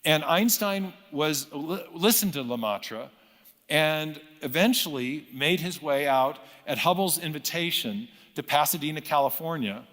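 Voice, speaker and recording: A middle-aged man calmly explaining science history, measured and lecturing, with frequent self-corrections. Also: fairly high pitch, in a large hall. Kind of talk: recorded interview clip, storytelling explanation.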